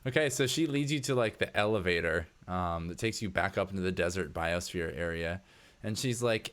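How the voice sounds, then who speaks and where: A man's voice: deep voice, normal speed, fairly bright tone, clean tone. A man narrating a tabletop game as game master in a casual manner, full of filler words.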